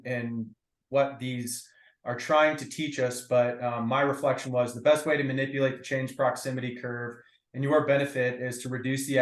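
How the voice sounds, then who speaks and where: A man leading a group discussion on a video call, his voice bouncing around an echoey room. He talks in a reflective, casual way, stumbling over fillers as he thinks aloud. His pitch sits in an ordinary middle range. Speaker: breakout group facilitator. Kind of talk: casual meeting talk.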